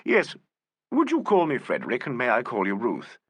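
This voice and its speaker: A man voicing a polite, urbane police inspector who questions suspects with gentle irony, in an audiobook. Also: mid-range voice, huge pitch swings, moderate pace, husky, no room sound, pitched above the performer's own voice, heavily acted. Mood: charming. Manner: courteous, urbane, gently ironic. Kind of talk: audiobook character voice.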